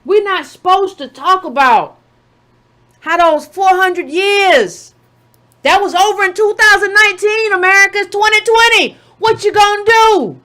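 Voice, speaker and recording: Woman, very high voice, casual commentary, sarcastic, mocking, rhetorical. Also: measured pace, pushed and bright. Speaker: political commentator.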